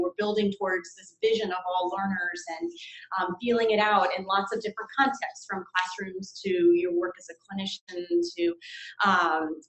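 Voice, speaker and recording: A woman leads a friendly conversational interview, upbeat and ready to laugh. Her pitch is ordinary for a woman. The recording has a roomy echo. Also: fairly bright tone. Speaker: interviewer and colleague.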